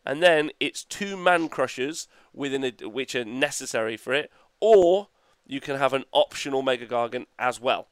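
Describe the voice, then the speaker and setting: Rambling, excitable man on a podcast. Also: medium pitch, normal speed, few pauses, clean tone, no room sound. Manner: enthusiastic, rambling, laughs often, swears casually. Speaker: podcast co-host. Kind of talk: casual chat.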